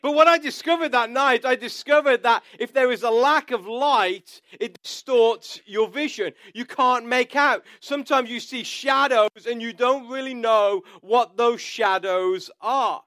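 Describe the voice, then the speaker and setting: Male pastor, bright high voice, clean dry sound, chatty storytelling sermon. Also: measured pace, hardly any pauses, no room sound. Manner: conversational storytelling with asides.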